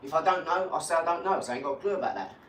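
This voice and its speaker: A boastful man rambling through a casual live chat, his voice a little high for a man. He sits some way off the mic in an echoey room, with a faint hum behind him. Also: racing, recorded from a distance. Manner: boastful, rambling, animated rants.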